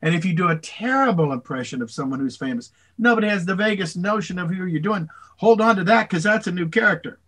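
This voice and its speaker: An older man, a voice actor, answering interview questions in a rambling, animated way, slipping into voices. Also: sits high, quick pace, few pauses, husky. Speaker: voice actor guest.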